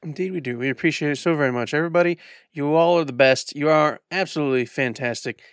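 A man's voice: fast, clear, resonant tone, dry recording, clean studio sound. A man co-hosting a podcast, playfully pleading with listeners in casual chat. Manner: playful, pleading sales pitch. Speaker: podcast co-host.

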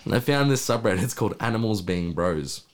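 A slightly hoarse young man, hosting a casual podcast chat, rambling, swearing and laughing. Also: on the low side, animated, fast talker. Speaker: podcast host.

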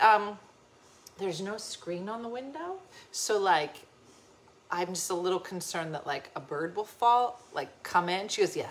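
A woman from New Jersey, a little tipsy, telling a story in casual chat and acting out the voices of the people in it. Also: medium pitch. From New Jersey, USA. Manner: animated, laughing storyteller acting out quoted voices.

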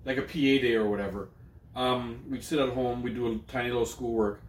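A man's voice: mid-range voice, fairly even intonation, brisk. Joking, profane young man in a roomy room. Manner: loose, profane, joking storyteller. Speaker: podcast co-host. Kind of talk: casual chat. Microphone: studio microphone.

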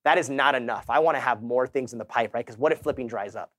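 A man's voice: mid-range voice, quick pace, fairly bright tone, dry recording, clean studio sound. A middle-aged man giving a motivational conference talk, telling his story casually with quoted dialogue and asides to the audience. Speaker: keynote speaker. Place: conference stage.

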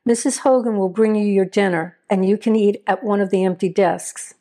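Woman reading stern male sheriff, firm measured orders, mid pitch, storybook. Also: fairly even intonation, dark tone, natural voice. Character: stern, steady male small-town sheriff.

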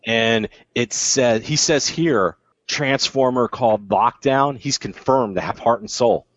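A man's voice: medium pitch, a little slow, fairly bright tone, dry recording. A man hosting a podcast, who chats casually and playfully reads out news items. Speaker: podcast host. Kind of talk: casual chat. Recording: slightly dull lo-fi audio.

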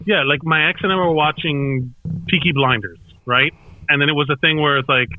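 A man co-hosting a podcast in casual chat, joking and quick-witted. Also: fairly high pitch, narrow, tinny audio, a little hiss or hum. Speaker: podcast co-host.

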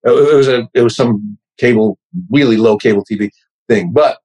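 Wry husky man with a New York accent. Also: medium pitch, moderate pace, darkish tone, rough recording. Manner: wry self-deprecating storyteller. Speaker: guest. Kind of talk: casual interview chat.

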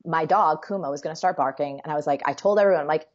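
A woman hosting a show and telling stories in an animated, chatty way, acting out quotes as she goes. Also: low voice, racing. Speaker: show host and business coach. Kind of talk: conversational storytelling. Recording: slightly muffled lo-fi audio.

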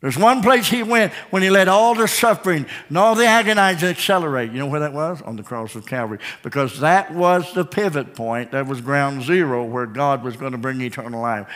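A man preaching a sermon, calling out to the congregation and building to shouted peaks. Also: on the high side, animated, brisk, hardly any pauses, big-room sound. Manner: preaching with call-outs, building to shouted climaxes.

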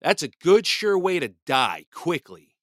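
A man's voice: a little high, big pitch swings, measured pace, fairly bright tone, dry recording. A man hosting a podcast, ranting in blunt, profane, heated commentary. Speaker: podcast host. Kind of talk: angry commentary.

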